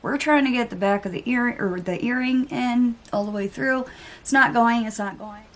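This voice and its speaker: A woman's voice: on the high side, moderate pace. A young adult woman vlogger telling a story in casual chitchat while getting ready, with exasperated asides and mild swearing. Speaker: beauty vlogger.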